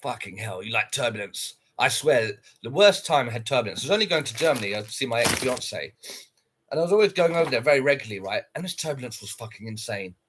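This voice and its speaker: A man's voice: medium pitch, animated, fast, fairly bright tone, slight background noise. A man casually chatting on a livestream, reacting to viewer comments in a blunt, sweary way. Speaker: livestreamer reading chat.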